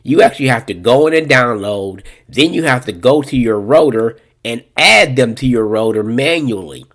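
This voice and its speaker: A man's voice: medium pitch, animated, moderate pace, a bit bright. A man hosting a casual computer tutorial, talking in a laid-back, joking way while he clicks through settings. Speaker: tutorial host. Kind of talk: casual screen-reader tutorial walkthrough.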